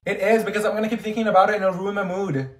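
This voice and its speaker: A man's voice: sits high, flat delivery, rapid-fire, echoey room, close to an everyday voice. A man playing a pushy, insistent teenage girl who gets annoyed at her friend in a comedy sketch.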